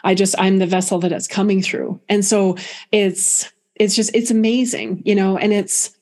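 Reflective woman medium, halting storytelling. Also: mid-range voice, fairly even intonation. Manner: halting, many restarts, soft and reflective. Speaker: guest medium. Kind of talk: emotional personal storytelling.

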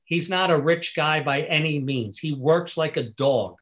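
A middle-aged man telling earnest, animated stories as a podcast guest. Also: fairly high pitch, unhurried. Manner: earnest, animated storyteller who acts out dialogue. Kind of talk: storytelling in a podcast conversation.

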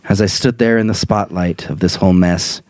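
A man's voice: low-pitched, steady tone, fairly quick, darkish tone, dry recording. A young man casually reading a funny dream story aloud, laughing often and breaking into banter. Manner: laughs often, puts on silly voices in quotes.

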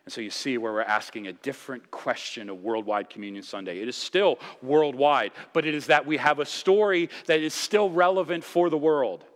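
A man's voice: medium pitch, moderate pace, hardly any pauses, fairly bright tone, in a large hall. A male pastor preaching a sermon with impassioned emphasis, rising and dropping his voice to drive points home. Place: church sanctuary.

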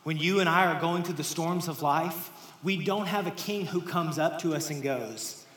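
A pastor with a fairly high voice talks to his congregation at normal speed, speaking directly and conversationally. His sermon swings from near-whispers to raised, emphatic lines, and the roomy hall recording carries faint ambience and slight background noise.

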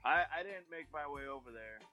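A man co-hosting a podcast, talking in a halting way with many fillers. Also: medium pitch, lively intonation, pushed and bright, faint music behind. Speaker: podcast co-host. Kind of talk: casual chat.

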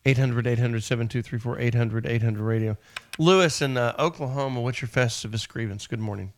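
A man hosting a call-in radio show, talking in a brisk, joking way and moving quickly from caller to caller. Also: medium pitch.

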